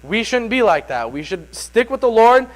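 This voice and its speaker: Man with a high voice preaching in a loose, conversational way, full of restarts. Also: big pitch swings, normal speed, rough recording. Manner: rambling, with restarts and filler words. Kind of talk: informal Sunday sermon.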